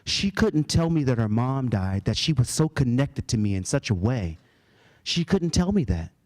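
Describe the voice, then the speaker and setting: A man's voice: mid-range voice, sing-song, normal speed, a little mellow. Guy doing a keynote talk at a conference, tells stories, chuckles at his own lines. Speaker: keynote speaker. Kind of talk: storytelling keynote speech. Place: conference hall.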